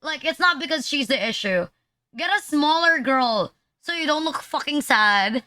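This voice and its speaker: A woman with a high, bright, forceful voice streams as a VTuber, her intonation lively and her pace moderate, with no echo. She rambles crudely, packing in "like" after "like," and mocks and teases her chat.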